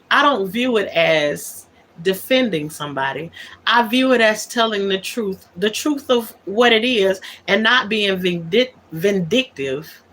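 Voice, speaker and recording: A woman of medium pitch and a fairly bright tone hosts an unscripted livestream monologue, with slight background noise. She talks things out in an aggrieved, emphatic way, repeating her key words.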